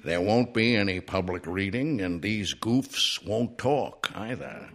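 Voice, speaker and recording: A man's voice: fairly low pitch, animated, takes it slowly, vocal fry, heavily acted. A man reading the part of a brash, wisecracking talking horse in a cheeky, breezy manner. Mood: sly.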